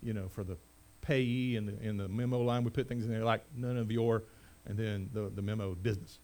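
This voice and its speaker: A middle-aged man preaching a sermon as pastor, rising to loud proclamation and dropping to quiet conversational asides. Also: fairly low pitch, fairly even intonation, brisk.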